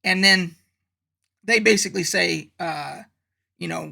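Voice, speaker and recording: A man's voice: sits high, normal speed, gravelly, pauses often, pushed and bright. A man hosting his channel, casually recapping his tabletop campaign as game master in a rambling, profane way. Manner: rambling, profane, lots of fillers.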